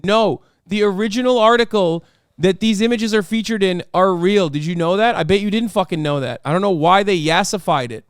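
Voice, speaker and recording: A man's voice: sits high, fairly quick, smooth, no echo, studio quality. A man hosting a stream, giving casual political commentary in a heated, profane way. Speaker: streamer host.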